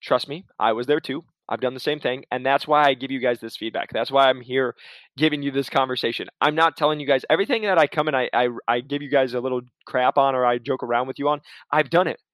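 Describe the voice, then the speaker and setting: A man's voice: medium pitch, fast talker, a bit bright, dry recording. A man giving casual career advice in a chatty, laid-back way, full of restarts and asides. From Arizona.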